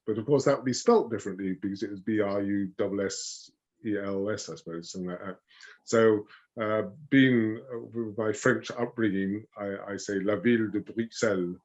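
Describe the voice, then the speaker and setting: A man speaking as a rose expert in a casual chat, hesitant with many fillers, often trailing off softly. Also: lowish voice, fairly even intonation, moderate pace. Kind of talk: casual video-call chat.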